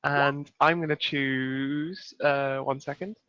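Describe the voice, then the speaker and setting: A man playing a tabletop game, thinking out loud with lots of fillers as he picks a spell. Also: medium pitch, steady tone, takes it slowly, clean tone, no room sound, lo-fi sound. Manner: thinks aloud, rambling with fillers. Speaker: player. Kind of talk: casual tabletop game talk.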